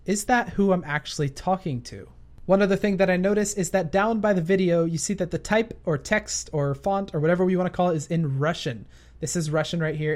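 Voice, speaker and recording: A man's voice: high voice, a little mellow. Playful man narrating a gaming story. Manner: playful, self-correcting asides. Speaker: gaming YouTuber.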